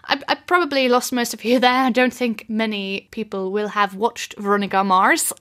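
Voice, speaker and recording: A woman hosting a solo podcast, chatting casually with self-deprecating jokes and quick laughs. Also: a little high, steady tone, a bit bright. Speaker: podcast host and life coach.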